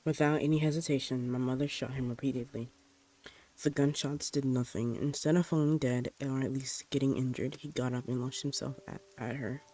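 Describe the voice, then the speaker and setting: Mellow-voiced man reading a horror story. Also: mid-range voice, steady tone. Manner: plain, unhurried first-person narration.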